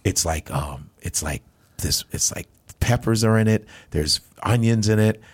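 Nigerian-born comedian, deep-ish male voice, animated storyteller, does voices, podcast guest. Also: unhurried, husky. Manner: animated, acts out voices in his stories, swears freely.

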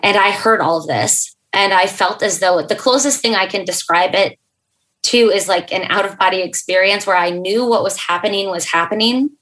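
A woman's voice: mid-range voice, a bit bright, poor audio. Earnest woman telling a personal story. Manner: earnest, halting, with many fillers and restarts. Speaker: podcast guest.

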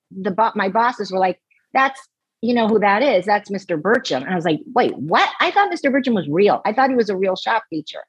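A woman with a husky, breathy voice, spinning a lively anecdote on a podcast and jumping into the voices of everyone she quotes. The sound is close and dry, with no room around her. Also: mid-range voice, fairly quick, dry recording, dull audio. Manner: animated, acts out quoted voices. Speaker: guest. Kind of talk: casual storytelling.

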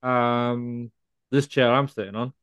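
A man co-hosting a casual comedy podcast, delivering mock-scolding deadpan rants. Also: medium pitch, takes it slowly, clean tone. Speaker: podcast co-host.

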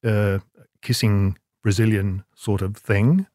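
A man's voice: lowish voice, fairly even intonation, unhurried, mellow, no echo, clean studio sound. An older man, an advertising creative, telling a rambling, self-deprecating anecdote in an interview with many restarts. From Australia.

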